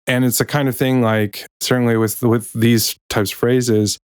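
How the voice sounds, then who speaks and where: A man's voice: mid-range voice, level tone, normal speed, darkish tone, clean tone, no room sound, studio quality. A man hosting a podcast in a loose, self-correcting chat, wry about office jargon, and later reading from his own book. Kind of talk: casual reflective talk, then reading aloud.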